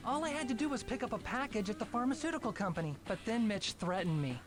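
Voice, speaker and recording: An actor playing a charming, flattering young man in a mystery video game. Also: sits high, fast. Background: game music.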